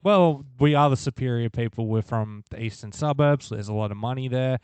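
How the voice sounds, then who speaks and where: A man's voice: medium pitch, a little fast, a little mellow, clear, resonant tone, no room sound. A young Australian man co-hosting a casual podcast, bantering with playful mock boasts. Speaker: podcast co-host. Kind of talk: casual chat.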